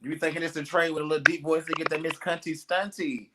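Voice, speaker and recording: A man chatting as co-host, animated and dramatic when telling stories. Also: on the high side, quick pace, heavy background noise. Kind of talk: casual chat.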